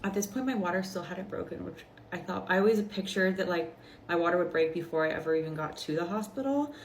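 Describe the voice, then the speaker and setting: A woman's voice: on the low side, fast talker. A young woman vlogger telling a casual storytime while doing her makeup, chatty and full of fillers. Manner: chatty, filler-heavy, animated retelling. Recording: roomy with faint background noise.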